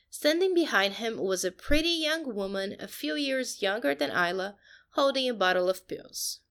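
A woman, reading a fanfiction story aloud in a steady, even way. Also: on the high side. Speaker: podcast host and reader.

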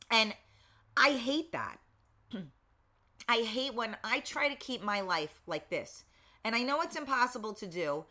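A middle-aged woman hosting a casual talk show, blunt and swearing freely, losing her voice and often clearing her throat. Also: a little high, lively intonation, slow, long pauses, bright, forceful tone. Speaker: show host.

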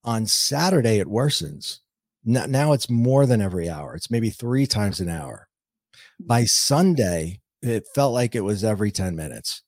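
A middle-aged man speaks in a lowish voice as a podcast guest, earnestly recounting his own story. He acts out what he once said, and his voice sounds dry and close, with no room echo. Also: expressive, measured pace, a little mellow. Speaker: guest, intuitive and author. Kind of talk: personal storytelling in a podcast interview.

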